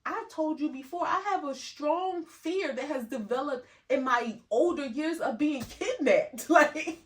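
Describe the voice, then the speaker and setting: A woman's voice: high-pitched, a little slow, distant mic. A woman co-hosting a podcast, talking candidly in casual chat with lots of fillers. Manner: candid, chatty, many fillers. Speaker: podcast co-host.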